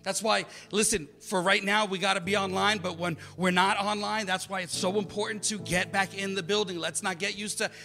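A man in his thirties preaching as a pastor, building from soft, quiet passages to loud, emphatic calls. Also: sits high, steady tone, brisk, few pauses, big-room sound, soft background music. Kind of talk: sermon.

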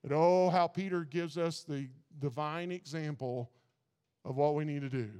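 Brief: male preacher, high voice, smooth and clear, folksy, stammers and repeats, reverberant hall. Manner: halting, repeats words, folksy and earnest. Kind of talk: sermon.

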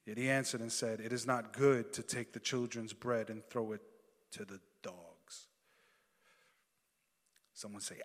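A man with a mid-range, fairly bright voice delivers a sermon, first reading scripture and then calling to the congregation for responses. Long reverb from the hall carries his words.

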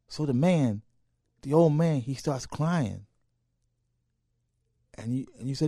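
Man, storytelling host, lively parable, dry close sound. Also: medium pitch, normal speed, long pauses, no room sound. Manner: animated, acts out voices in a parable. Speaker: show host. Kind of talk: storytelling talk.

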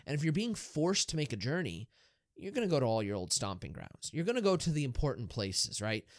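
A male priest co-hosting a casual podcast, explaining with lively energy and tossing out rhetorical questions to the listener. His voice sits in a middle range and sounds dry and close to the mic. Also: mid-range voice, brisk, no echo. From Erie, Pennsylvania, US. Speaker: Catholic priest and podcast co-host.

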